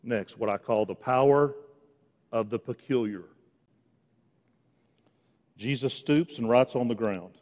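A man preaching a sermon in a church, swinging between hushed, quiet lines and loud, rising ones, with touches of sarcasm. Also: mid-range voice, takes it slowly, long pauses, in a large hall. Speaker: pastor. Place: church sanctuary.

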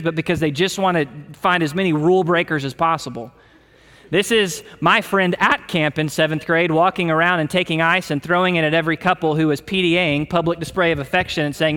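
A man preaches to his congregation in a church, his voice sitting high for a man. He presses each point with earnest repetition, and the words ring out into a long reverberant hall. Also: bright, forceful tone. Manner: earnest, emphatic preaching with repeated phrases. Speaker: pastor. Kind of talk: sermon. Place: church sanctuary.

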